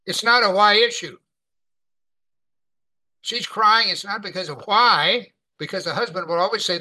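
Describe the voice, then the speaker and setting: A man preaching a sermon, teaching from the Bible in a conversational, animated way. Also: sits high, a little slow, pauses often, low-quality recording.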